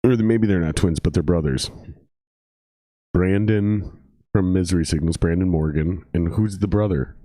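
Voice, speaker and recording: This dry, studio-quality recording captures a young Upper Midwest podcast host in casual chat. He speaks at a normal speed in a low, dark voice with an Upper Midwest American accent, tired, loose, and sweary, sounding exhausted.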